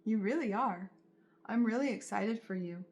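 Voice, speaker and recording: A woman's voice: mid-range voice, moderate pace, a little mellow. A woman giving a tarot reading straight to her viewers, in a soothing, reassuring way and often repeating her phrases. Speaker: tarot reader.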